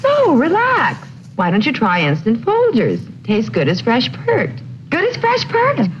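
An actress playing an anxious young 1960s housewife in an old TV commercial, eager to please. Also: female voice, a little high. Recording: dull lo-fi vintage TV ad audio, faint hiss.

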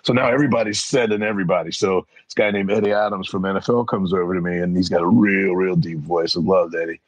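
Deep husky man telling stories. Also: fast, no room sound, poor audio. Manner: animated, acts out voices in anecdotes. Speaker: guest. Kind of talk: casual storytelling.

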